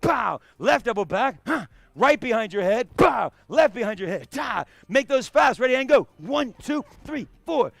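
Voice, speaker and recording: A man teaching a live karate class, calling out short commands and shouting kiais. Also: very high-pitched, big pitch swings, normal speed, vocal fry, hardly any pauses, no echo. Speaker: karate instructor. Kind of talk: live martial arts class instruction. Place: karate studio.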